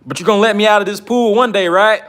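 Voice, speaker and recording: A man's voice: sits high, fast talker, a bit bright, pitched above the performer's own voice. A man voicing a naive, hopeful working-class man who pleads eagerly. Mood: pleading.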